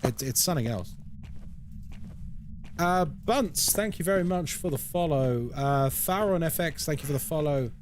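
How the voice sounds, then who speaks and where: Lively man streaming a horror game. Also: on the high side, moderate pace, a little hiss or hum. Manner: chatty, reacts aloud to the game and greets viewers. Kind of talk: live gameplay commentary and chat.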